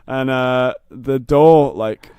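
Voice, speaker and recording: A man's voice: medium pitch, takes it slowly, clear, resonant tone, no room sound, muffled recording. A young man telling a story in casual chat, rambling with stammered restarts. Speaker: comedian guest.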